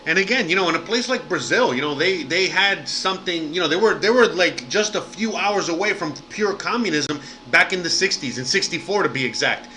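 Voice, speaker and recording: A man's voice: high voice, animated, fairly quick, hardly any pauses, sharp tone, slight background noise, rough recording. A man hosting a livestream, rambling and swearing freely with lots of fillers in casual chat. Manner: rambling and profane, heavy fillers. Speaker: livestream host.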